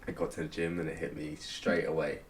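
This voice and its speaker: A man's voice: very deep voice, level tone, a little fast. A young man, co-hosting a podcast and telling a long story in casual, sweary chat. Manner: rambling storytelling, heavy swearing, frequent laughter. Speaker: podcast co-host.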